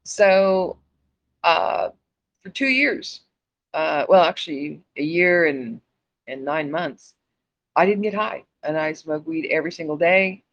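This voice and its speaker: A woman's voice: low voice, expressive, slow pace. A woman telling a personal story in a casual, profane and blunt way, often laughing. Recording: dull lo-fi recording.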